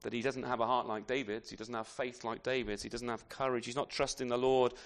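A man's voice: medium pitch, little pitch movement, a little fast. A man preaching an expository sermon in a conversational way, often turning his points into tag questions and adding self-deprecating asides.

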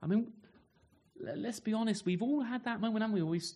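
A man preaching a sermon with a voice that sits a little higher than most men's. He talks to his congregation conversationally, tagging his points with questions like "isn't he?" and stumbling into restarts as he reaches for words. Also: fairly quick, mellow. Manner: conversational, full of rhetorical tag questions.

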